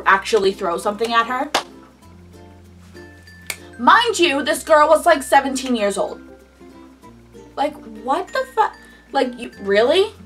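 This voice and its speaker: A woman's voice: a little high, far from the mic. Chatty young woman telling a storytime. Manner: chatty and animated, heavy on "like". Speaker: vlogger. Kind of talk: casual storytime chat.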